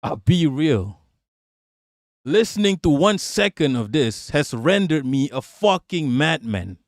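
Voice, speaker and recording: A man's voice: on the high side, very animated, slow, no room sound, studio quality. Brash profane male streamer. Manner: loud, mocking, profane, laughs often. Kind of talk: profane political rant on stream.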